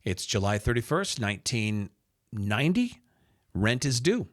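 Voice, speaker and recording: Animated man telling a radio story. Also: mid-range voice, measured pace. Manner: lively storyteller, acts out other people's lines in quotes. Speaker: radio host and sports announcer, podcast guest.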